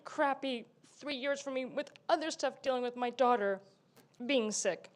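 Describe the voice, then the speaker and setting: Pleading mother near tears, high voice. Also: normal speed. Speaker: parent speaking at public comment. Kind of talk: emotional public comment.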